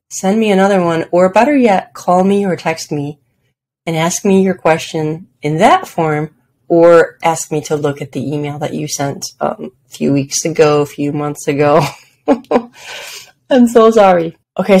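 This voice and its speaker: A woman's voice: deep voice, darkish tone. A woman hosting her own podcast, talking casually and self-deprecatingly about her daily habits, often laughing at herself. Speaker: podcast host. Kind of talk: casual solo podcast talk.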